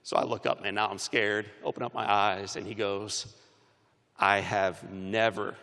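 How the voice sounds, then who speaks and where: Bright-voiced man giving an animated speech. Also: fairly low pitch, moderate pace, in a large hall. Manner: animated storytelling, varying loud and soft. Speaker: commencement speaker. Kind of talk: motivational speech. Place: large arena.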